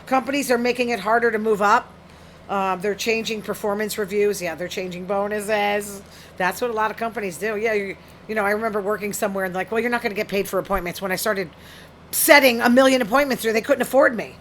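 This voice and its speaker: A woman's voice: mid-range voice, fast talker, a little hiss or hum. A woman hosting a solo talk show, reading study findings aloud and reacting to them bluntly and frankly. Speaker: podcast host. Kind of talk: casual solo commentary reading news.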